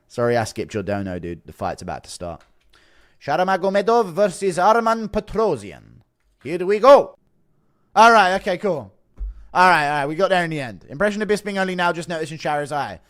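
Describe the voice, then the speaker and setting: A man's voice: sits high, sing-song, brisk, a bit bright, no room sound, clean studio sound. A man streaming casually, reading out donations and joking in a wry, offhand way. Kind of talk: casual live-stream commentary.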